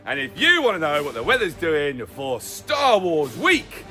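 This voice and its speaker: A middle-aged man hosting a casual weather update from his bedroom, goofy and self-mocking, full of excitable jokes and asides. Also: a little high, a little slow, soft background music. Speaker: weather vlog host. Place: bedroom at home.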